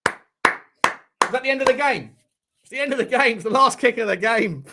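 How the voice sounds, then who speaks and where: A man hosting a live football watchalong stream, reacting to the chat in an excitable, sweary way with bursts of laughter. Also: very high-pitched, moderate pace, gravelly.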